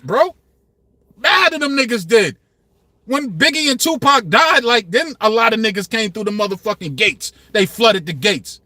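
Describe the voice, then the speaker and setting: Passionate high-voiced man in his fifties. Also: pushed and bright, no room sound, clean studio sound. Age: 50s. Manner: passionate, emphatic, street slang. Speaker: channel host. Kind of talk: passionate hip-hop commentary.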